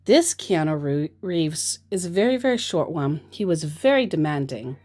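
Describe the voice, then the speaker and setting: A woman telling stories of her chats with scammers in a casual vlog, wry and joking, with many pauses and fillers. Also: sits low, sing-song, darkish tone.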